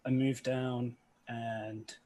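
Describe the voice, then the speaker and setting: A man's voice: mid-range voice, level tone, very slow, mellow. A man playing a tabletop game, thinking aloud as he picks his spells, with keyboard clicks behind him. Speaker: player. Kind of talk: casual game talk.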